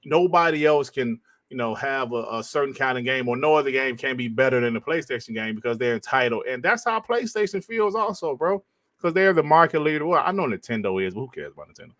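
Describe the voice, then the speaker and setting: A man's voice: mid-range voice, sing-song, fast talker, fairly bright tone, dry recording, clean studio sound. A man hosting a casual gaming podcast over a call, loose and profane, often calling others bro. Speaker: podcast host. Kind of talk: casual chat.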